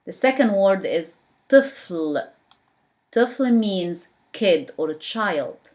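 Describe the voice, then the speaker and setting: Slow, patient woman teaching letters. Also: medium pitch, lively intonation. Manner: repeats sounds slowly and patiently, non-native English grammar. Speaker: Arabic teacher. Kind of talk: slow spoken language lesson.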